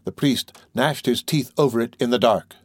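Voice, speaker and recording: A man reading a classic novel aloud in a measured, expressive way. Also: medium pitch, no echo, clean studio sound. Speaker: audiobook narrator.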